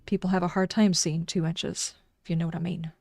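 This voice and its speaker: A woman's voice: fairly low pitch, flat delivery, fairly quick, vocal fry, a little mellow, no echo, studio quality. Exasperated woman ranting on stream. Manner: exasperated ranting with sarcastic asides. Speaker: game streamer. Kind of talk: casual livestream chat.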